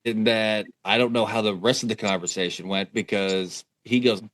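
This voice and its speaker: A man's voice: fairly low pitch, steady tone, normal speed, a bit bright. A man in his thirties from West Virginia, telling a road trip story in casual podcast chat, laughing and restarting as he goes. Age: 30s. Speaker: podcast co-host.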